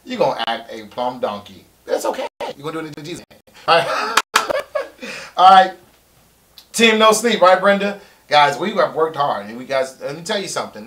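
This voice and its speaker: A middle-aged man pitches his real estate course on a live stream. His voice sits a touch high and rings bright and forceful. He is excitable, repeats key lines for emphasis, and sometimes breaks into loud shouting. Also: slight background noise.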